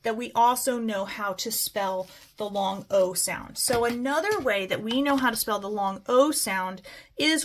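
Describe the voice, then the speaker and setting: Woman teacher slowly modeling phonics words. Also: fairly high pitch. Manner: slow, stretched-out word modeling. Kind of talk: phonics lesson for children.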